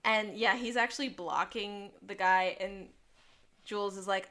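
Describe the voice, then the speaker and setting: Woman co-host for a casual recap podcast, lively storyteller who drops into quotes. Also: medium pitch, measured pace. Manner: lively retelling, slipping into quoted voices. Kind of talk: casual episode recap chat.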